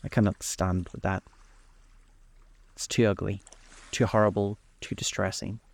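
A man's voice: on the low side, little pitch movement, a little slow, vocal fry, dry recording. A man voicing a witty, languid young aristocrat who talks in drawling epigrams.

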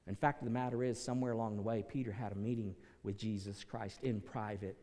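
A man's voice: lowish voice, steady tone, a little fast, hardly any pauses. Preaching man in a reverberant hall. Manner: dramatic, swings from quiet to shouted peaks. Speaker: pastor. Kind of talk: sermon.

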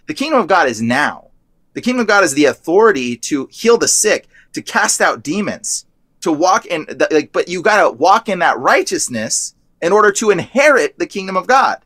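A man's voice: fairly high pitch, sing-song, moderate pace, fairly bright tone, no echo. A young man telling his story as a guest in a casual chat, rambling and filling his talk with "like". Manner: rambling, heavy use of "like".

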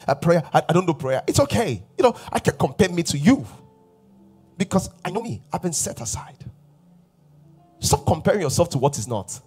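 A husky-voiced male pastor delivers an emphatic sermon. His pitch swings widely and sits a bit high for a man. He leans on repeated refrains and sometimes drops to a whisper, with faint music underneath. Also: darkish tone.

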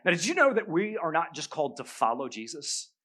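A middle-aged male pastor preaching a sermon, telling a story with humor and animated bursts. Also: a little high, brisk.

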